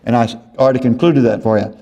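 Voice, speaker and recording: A man's voice: medium pitch, quick pace, mellow, muffled recording. A man preaching a sermon, reading scripture aloud with emphasis and explaining it, often adding "you see" and correcting himself. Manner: frequent tag questions and self-corrections. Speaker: pastor.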